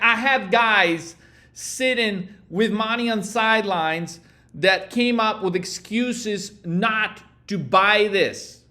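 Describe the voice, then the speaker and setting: A man's voice: high-pitched, sharp tone. A man coaching traders over slides, brash and profane, heated as he mocks timid traders. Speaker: trading coach. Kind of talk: profane motivational trading lesson.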